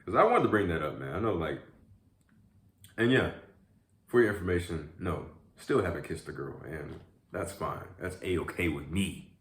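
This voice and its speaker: A young man with a deep, low voice talks in a relaxed, rambling vlog chat, leaning on "man" and "y'all". The sound comes back off the walls of an echoey room. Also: moderate pace. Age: young adult. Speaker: YouTube vlogger. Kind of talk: casual mukbang chat.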